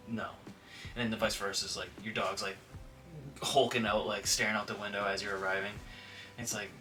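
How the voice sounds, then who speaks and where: A man's voice: on the low side, sharp tone, far from the mic. A man who works as a dog trainer, talking casually to the camera with lots of filler words and now and then acting out what dogs and owners might say. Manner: conversational, frequent filler words, acts out quoted dogs and owners.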